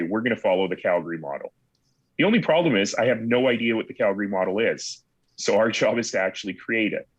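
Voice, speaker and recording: A man's voice: fairly low pitch, no echo. A man who is a city mayor, talking earnestly and with confidence as a guest on a video call interview. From Canada.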